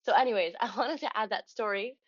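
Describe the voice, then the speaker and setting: A young woman vlogging, telling a story in a chatty, animated way and acting out the dialogue. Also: a little high, brisk, muffled recording. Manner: chatty, animated retelling with quoted dialogue and laughs. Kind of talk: casual storytelling vlog.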